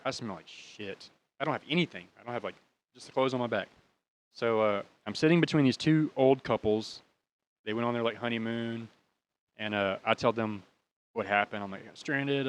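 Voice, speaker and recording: A man's voice: mid-range voice, a little fast. Profane, rambling American man telling a story. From United States. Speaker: podcast host. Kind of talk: casual storytelling.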